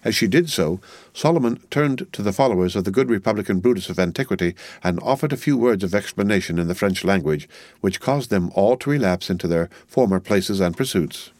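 Low-voiced male audiobook narrator. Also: expressive, darkish tone, dry recording. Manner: measured, literary storytelling. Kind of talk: scripted narration. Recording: dry close studio sound.

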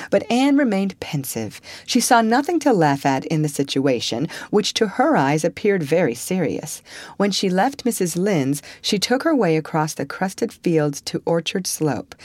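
Woman narrating expressively in a lower voice. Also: a little mellow, dry recording. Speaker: audiobook narrator. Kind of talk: scripted narration.

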